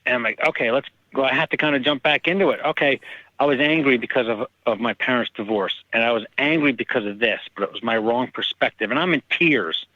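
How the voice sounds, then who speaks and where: A man, an author, telling personal stories in casual conversation and lively acting out the people in them. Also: medium pitch, fast talker, dry recording, lo-fi sound. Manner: animated, acts out quoted people. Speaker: author guest. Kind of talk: casual storytelling.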